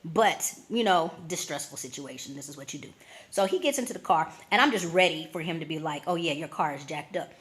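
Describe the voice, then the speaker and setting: A woman vlogger casually telling a story, slangy and expressive, acting out scenes with sound effects and little voices. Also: deep voice, brisk. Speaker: travel vlogger.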